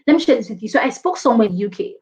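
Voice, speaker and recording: A Nigerian woman giving a lively online workshop on presentations, emphatic and animated, often laughing and mimicking others. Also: a little high, rapid-fire, rough recording. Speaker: presentation skills speaker. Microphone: video call.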